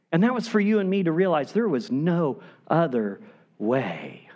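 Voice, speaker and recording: A male pastor preaching a sermon in a high, strongly expressive voice that swoops up and down. He speaks unhurriedly and leans hard on key words, then drops almost to a hush to drive a point home. The delivery is earnest and emphatic throughout. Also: a little slow. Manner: emphatic preaching, dropping to hushed tones for emphasis.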